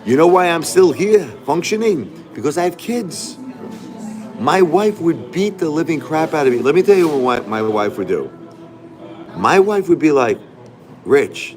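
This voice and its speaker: A middle-aged man talks straight to his livestream chat, repeating himself for emphasis. His pitch swings widely as he rants, from low grumbles up to sharp protests. Faint music plays under his voice. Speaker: livestream host. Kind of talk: casual livestream talk to chat.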